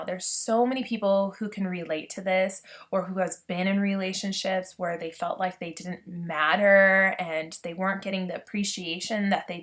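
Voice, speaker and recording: A woman's voice: mid-range voice, a bit bright. Chatty, enthusiastic woman book reviewer. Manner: chatty and enthusiastic, says "like" often. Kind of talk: casual book review vlog.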